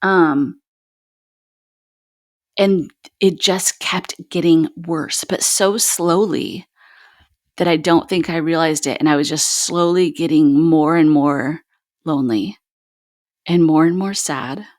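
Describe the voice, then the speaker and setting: A woman, a podcast host sitting in the guest seat, candidly recounts her own hard story in a halting, raw way, with frequent "like" and "um". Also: sits low, darkish tone, no echo, studio quality. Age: adult with children.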